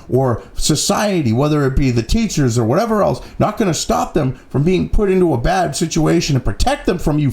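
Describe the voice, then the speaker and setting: A man's voice: on the high side, creaky, darkish tone. A man hosting a profane, angry political commentary rant, swearing constantly and mocking opponents.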